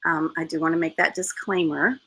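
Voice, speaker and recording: Brief: enthusiastic woman podcast host, bright forceful tone. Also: low-pitched, fairly even intonation, fairly quick, husky, rough recording. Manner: upbeat, enthusiastic. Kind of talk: live interview. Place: New Zealand.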